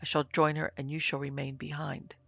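A man's voice: fairly high pitch, completely flat delivery, fairly quick, creaky, fairly bright tone, no room sound. A man voicing a fanatical priest, mad with joy and then cold and curt, in a dull, dry lo-fi recording. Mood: exultant.

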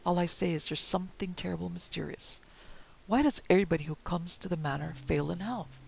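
A man's voice: sits high, brisk, vocal fry, husky, heavily acted, low-quality recording. A man reading the lines of a dignified, gossipy older housekeeper who asks indignant questions.

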